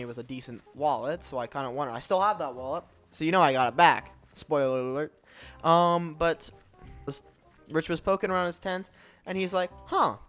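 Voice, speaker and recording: A young man with a slightly higher voice, smooth and clear, tells a personal story in a chatty, sarcastic way. He often trips over and restarts his words, and quick bits of background music play under him. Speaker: storytelling gaming channel host. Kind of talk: casual storytime narration over gameplay.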